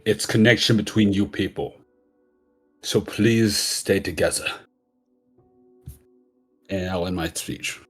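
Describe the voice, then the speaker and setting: A man's voice: deep voice, slow, pauses often, husky, soft background music, exaggerated voice. A man voicing a male adventurer giving an earnest, impassioned speech to a crowd in a tabletop game. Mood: apologetic, earnest. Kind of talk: tabletop roleplay in character.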